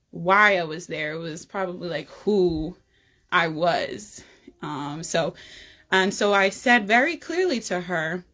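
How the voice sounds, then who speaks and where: Woman, wellness host, casual storytelling, chatty, mid pitch. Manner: chatty, frequent "um" and "you know", animated retelling. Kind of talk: casual storytelling about a dream.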